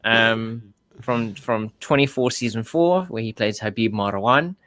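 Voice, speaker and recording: A South African man co-hosts a casual podcast, his medium-pitched, slightly bright voice moving at a measured pace. He sounds hesitant, filling the chat with frequent ums and restarts.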